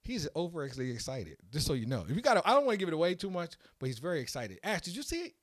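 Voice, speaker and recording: A man hosting a casual podcast, telling a story in an excitable, animated way that builds to loud peaks. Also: on the high side, very fast, dry recording, studio quality. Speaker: podcast host.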